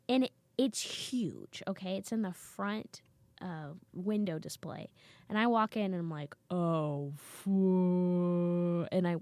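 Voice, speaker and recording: A woman's voice: medium pitch, no echo. A woman comedian telling stories in a casual chat, acting out her family's lines. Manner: animated, acts out family members' lines. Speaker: comedian guest. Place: basement studio.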